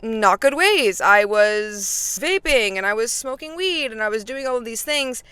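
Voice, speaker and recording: Young woman, faith vlogger, casual chat, lots of fillers, slightly high voice. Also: lively intonation, unhurried, a bit bright, clean tone, dry recording. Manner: chatty, frequent fillers, talks straight to viewers.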